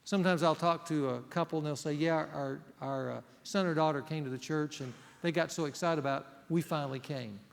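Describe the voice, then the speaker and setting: A middle-aged male pastor preaches an earnest, emphatic sermon, putting rhetorical questions to the congregation, and a long hall reverb fills the recording. His voice is on the high side and creaky, and he moves briskly with hardly any pauses.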